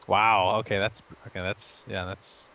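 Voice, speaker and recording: A man's voice: sits low, flat delivery, a little slow, bright, forceful tone. A young man who grew up in Saudi Arabia and the United States, talking casually as an interview guest. He rambles, pokes fun at himself and laughs often. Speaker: interview guest, esports caster.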